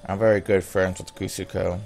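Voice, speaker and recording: Here a man reads all the lines of a visual novel in his own plain voice, stopping occasionally for offhand comments. His voice is low, a little mellow and marked by vocal fry. He speaks a little fast with little pitch movement.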